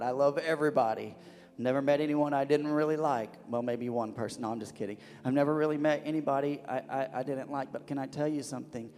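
A man's voice: mid-range voice, warm tone, big-room sound. A man preaching as pastor of a church, fervent and repetitive, often restarting his words. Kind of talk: sermon. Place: church sanctuary.

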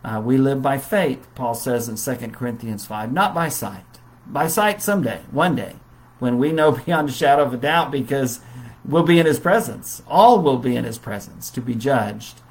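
A man preaching in a relaxed, conversational Bible study style, with many fillers. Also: medium pitch, normal speed, poor audio. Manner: conversational, warm storytelling with fillers.

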